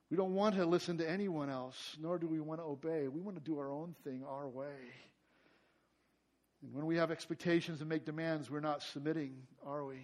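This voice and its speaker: Preaching as a pastor, this man grows louder and higher-pitched whenever he emphasizes a point. During prayer he lowers his voice to a gentle hush.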